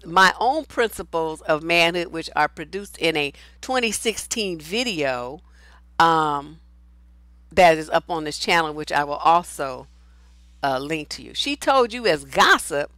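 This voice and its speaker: A woman's voice: lowish voice, expressive, a little slow, sharp tone, dry recording. A woman relationship coach giving casual advice talk and answering viewer comments, blunt and outspoken, swearing freely.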